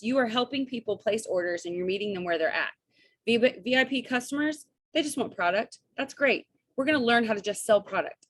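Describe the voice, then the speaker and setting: Chatty woman coaching on a video call. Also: a little high. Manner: energetic, chatty, keeps asking "right?" and "okay?". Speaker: network marketing coach.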